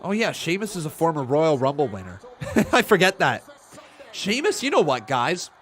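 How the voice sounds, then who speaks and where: A man hosting a casual live stream, reacting to the action, calling moves and counting along excitedly. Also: a little high, moderate pace. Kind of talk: casual watch-along commentary.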